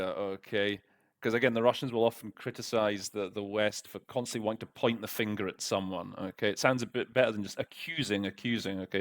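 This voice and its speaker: Man, interpreting tutor, casual lesson, lots of fillers, mid pitch. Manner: chatty, full of fillers and restarts. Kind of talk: casual teaching breakdown.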